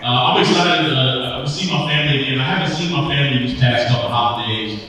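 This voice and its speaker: A man's voice: medium pitch, fast talker, distant mic, soft background music. A man in his thirties from Milwaukee performing a stand-up comedy set on stage, telling stories and acting out the voices of the people in them. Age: 30s. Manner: animated storytelling with acted-out voices. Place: stage in a large hall. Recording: echoey hall, mic heard from afar.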